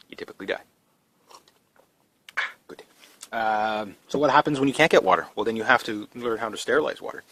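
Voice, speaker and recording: A man's voice: on the low side, a bit bright, no echo. A man vlogging casually to camera about prepping, talking in a rambling, down-to-earth way with lots of fillers and restarts. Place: indoors in a trailer.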